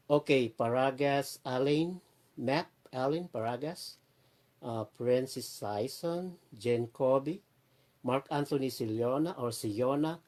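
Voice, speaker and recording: A Filipino man talks casually on his livestream, wandering from topic to topic. His voice sits at an ordinary pitch and sounds dark and mellow. He greets viewers by name as he goes. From Philippines. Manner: rambling, switches between Tagalog and English, greets viewers by name. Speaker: livestream host.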